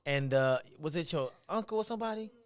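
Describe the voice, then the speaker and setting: Relaxed, joking man hosting a podcast. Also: on the high side, quick pace, clear, resonant tone, no echo. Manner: relaxed, supportive, joking asides. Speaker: podcast host. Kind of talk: casual podcast chat.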